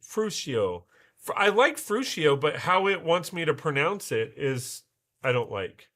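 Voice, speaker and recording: A man's voice: fairly high pitch, big pitch swings, measured pace, sharp tone. A man hosting a casual livestream, muttering to himself and swearing as he works. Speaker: livestream host. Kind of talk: casual livestream chat while building.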